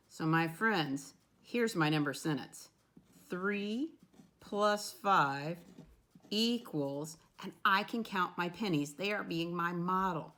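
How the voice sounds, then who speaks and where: A woman teaching young children from her home, speaking slowly in a patient sing-song that coaxes them along. Her voice is a little off the mic in an echoey room. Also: fairly low pitch, a bit bright, distant mic. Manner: slow, sing-song, encouraging, addresses kids as "my friends". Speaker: first grade teacher. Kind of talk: remote lesson for young children.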